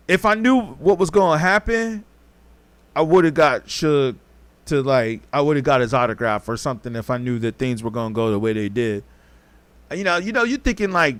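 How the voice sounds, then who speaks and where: A man's voice: medium pitch, lively intonation, moderate pace, a bit bright, dry recording. A man hosting a podcast, telling a story casually in a rambling, profane way and acting out what people said. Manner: rambling, profane, acts out quotes. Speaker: podcast host.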